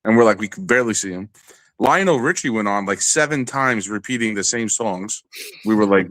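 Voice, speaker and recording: A man telling a long, animated and profane story in a casual podcast chat. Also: fairly low pitch, fairly quick, no room sound. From New York area.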